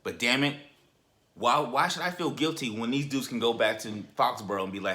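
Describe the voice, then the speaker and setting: Male sports fan vlogger, emphatic casual rant, bright forceful tone. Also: mid-range voice, a little fast. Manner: animated and emphatic, repeats and restarts words.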